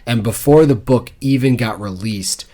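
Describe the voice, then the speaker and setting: A man's voice: medium pitch, normal speed, mellow. A young man co-hosting a book podcast, chatting casually and rambling with lots of filler words. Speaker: podcast co-host. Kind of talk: casual book-club chat.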